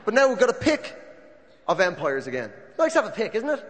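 A man's voice: high voice, wildly swooping pitch, fast, fairly bright tone. A man doing stand-up comedy on stage, musing with rhetorical questions. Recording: long hall reverb, faint noise.

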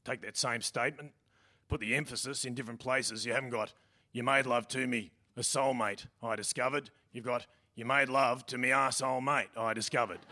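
A man voicing a crude, deadpan bluesy dude with an Australian accent, talking and singing with guitar on a comedy stage. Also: mid-range voice, brisk, pitched below the performer's own voice.

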